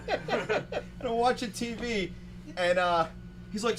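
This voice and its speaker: A man's voice: high-pitched, slow, a bit bright, slight background noise, rough recording. A man hosting a casual talk show, telling a story in a rambling way with lots of fillers and laughs. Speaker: podcast host. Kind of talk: casual chat.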